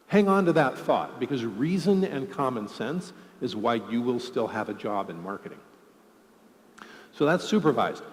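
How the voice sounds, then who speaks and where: Lively man giving a conference keynote. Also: mid-range voice. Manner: lively, joking, explains with examples. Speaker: conference speaker. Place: large conference hall. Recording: long hall reverb.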